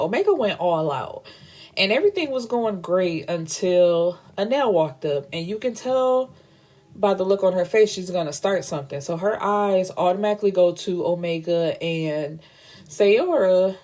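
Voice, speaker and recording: Book-show host: a woman, low and mellow, chatty and slangy plot recap.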